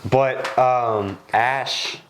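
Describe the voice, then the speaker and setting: A young man hosting a podcast in a studio, telling a casual work story and acting out the people in it with sudden jumps in his voice. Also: drawn-out words. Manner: animated, acts out quoted lines with jumps in pitch. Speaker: podcast host.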